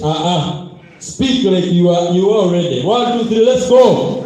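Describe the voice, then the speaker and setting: A man with a Zambian accent hosting a motivational event on stage, energetic and playful as he calls on the audience to respond. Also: high-pitched, a little slow, noisy background. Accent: Zambian English. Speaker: event host. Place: large hall with a live crowd. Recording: echoey hall with crowd.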